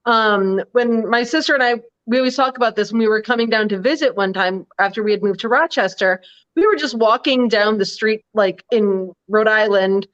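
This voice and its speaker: A woman from Massachusetts in a casual chat, chatty and quick with short affirming interjections. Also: mid-range voice, a bit bright. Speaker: live chat panelist. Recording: slightly dull lo-fi audio.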